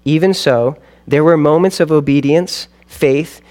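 A man voicing Jesus as a solemn, grave male judge, speaking in an earnest, measured way. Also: fairly high pitch, mellow, close to an everyday voice.

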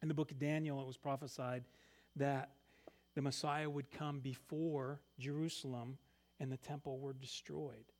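A male pastor in the middle of a sermon, reading scripture and then pausing to unpack it for his listeners. His voice sits at an ordinary middle pitch, rising and pressing harder on key points before dropping to soft, almost hushed asides. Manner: animated, swings between loud emphasis and quiet asides.

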